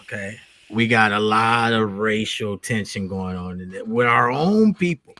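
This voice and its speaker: A man's voice: fairly low pitch, lively intonation, measured pace, sharp tone, no echo. A man joking around in casual podcast banter. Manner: joking, laid-back banter.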